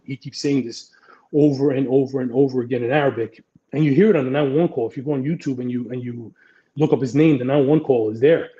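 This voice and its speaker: A man's voice: mid-range voice, fairly even intonation, fairly quick, dark tone, dull audio. A middle-aged man, a retired police detective, telling blunt, profane anecdotes in a casual interview.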